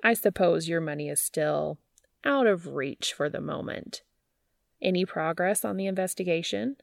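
A woman's voice: fairly low pitch, moderate pace, gravelly, no room sound, studio quality. A woman doing a whiny, nasal, smug landlord. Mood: sly. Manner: sly, gleeful and smug. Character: sly, whiny male building manager.

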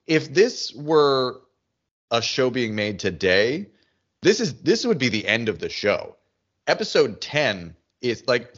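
Brief: male podcast co-host, animated pitch, rambling casual chat, slightly dull audio. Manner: rambling, many fillers and restarts. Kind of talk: casual chat about a TV show.

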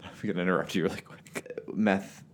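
Deep-voiced man chatting, laughing often. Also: fairly even intonation, a little fast. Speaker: podcast co-host. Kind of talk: casual chat.

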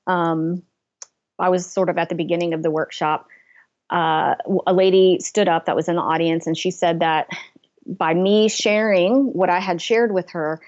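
Earnest woman, lo-fi sound. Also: lowish voice. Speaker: business coach. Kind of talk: casual interview storytelling.

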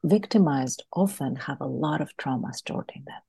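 A woman's voice: extremely low pitch, moderate pace, gravelly, warm tone, slightly rough, dry recording. A woman, a guest in a podcast interview, earnestly explaining an idea through a story and often repeating words as she thinks. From Greece.

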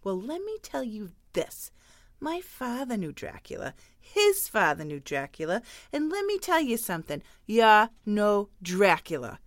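A loud, blustering neighborhood gossip voiced by a woman in a comedic audio drama. Her pitch leaps and swoops constantly. She rants with barely a pause. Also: no room sound. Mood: ranting. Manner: loud, blustering, lively delivery with chuckles. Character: brash, gossiping neighborhood woman, hot-tempered.

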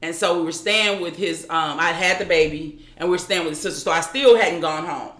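A woman with a bright, forward voice tells her own story as an interview guest. She talks haltingly and often restarts her sentences, and her voice rings in an echoey room. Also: fairly low pitch. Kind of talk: recounting a personal story.

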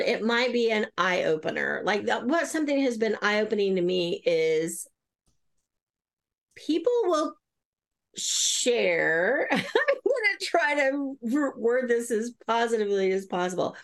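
A woman's voice: a little high, sing-song, normal speed. A woman guest who works as an energy healer, talking in an enthusiastic, chatty way. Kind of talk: casual interview conversation.

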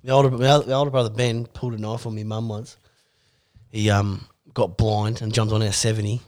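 A young Australian man telling crude stories in casual chat, animated, laughing as he tells them and swearing heavily. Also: on the low side, a little fast.

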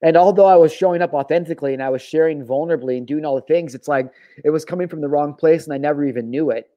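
A man's voice: fairly high pitch, quick pace, dark tone, highs cut off. A man hosting his own show, talking openly in an emotional confessional monologue, swearing freely. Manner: raw, emotional, heavy swearing. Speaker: podcast host.

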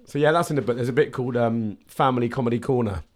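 A man in his late thirties, talking as a podcast guest at an ordinary pitch. He tells his stories with energy and slips into little acted-out voices along the way. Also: fast. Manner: animated storyteller who acts out little voices. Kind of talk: casual podcast conversation.

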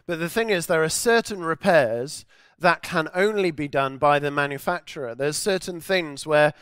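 A man delivers a sermon in an earnest, emphatic way, driving his points home through repetition. His voice sits fairly high and comes across smooth and clear. The recording is dry, with little room sound. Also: moderate pace, a bit bright, dry recording. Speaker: preacher.

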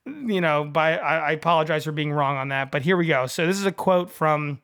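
A man's voice: on the high side, fairly quick, a bit bright. A man co-hosting a casual sports podcast, joking and rambling with frequent laughs. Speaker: podcast co-host.

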